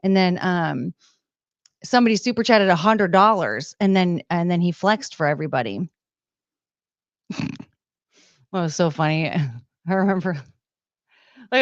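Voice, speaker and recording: A woman's voice: medium pitch, no echo, dull audio. A young woman hosting a livestream, casually chatting and playfully reading out super chats. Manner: playful, reads out super chats with beeping sounds. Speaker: livestream host.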